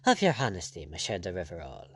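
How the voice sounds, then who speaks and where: A man's voice: low voice, wildly swooping pitch, fast, slightly rough, pitched below the performer's own voice, heavily acted. A man voicing a bold, ironic buccaneer captain who speaks bluntly and firmly.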